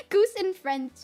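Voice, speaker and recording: A woman's voice: very high-pitched, a little mellow. An American woman in her thirties, a VTuber rambling and ranting in a casual stream, giggling often. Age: 30s.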